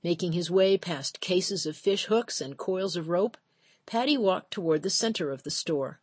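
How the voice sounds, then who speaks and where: A woman narrating an audiobook in a measured, steady storytelling voice. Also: on the low side, slightly rough, no echo. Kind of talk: scripted narration.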